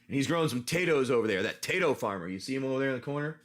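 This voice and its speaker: A man's voice: mid-range voice, animated, racing, hardly any pauses, a bit bright. A man running a casual tabletop-style adventure as game master, rambling with many restarts.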